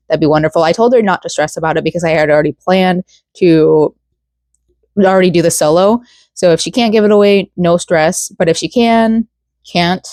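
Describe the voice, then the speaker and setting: Young florida woman rambling n giggling while she crochets, kinda low voice, dry close sound. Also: a little mellow, no echo. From Florida, USA. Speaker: vlogger. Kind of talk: casual chat while crocheting.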